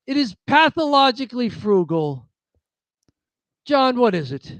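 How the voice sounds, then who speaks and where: A man's voice: very high voice, big pitch swings, a little slow, a bit bright, dry recording. An American man co-hosting a podcast who drifts through a casual chat with plenty of fillers. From United States. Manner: rambling, filler-heavy segment reading. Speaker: podcast co-host.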